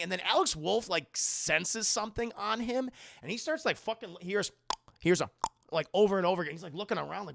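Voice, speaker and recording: Male streamer-reviewer, high gravelly voice, casual and profane, acts out scenes. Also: expressive, fairly quick, fairly bright tone, no room sound, studio quality. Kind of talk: casual live-stream recap.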